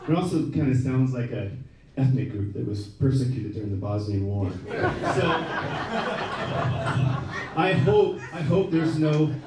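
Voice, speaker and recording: A man's voice: medium pitch, animated, a little slow, pauses often, very noisy. A man doing a wry, self-deprecating stand-up routine on a comedy club stage, often tossing in "right?" as the audience laughs. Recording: echoey room, mic from a distance.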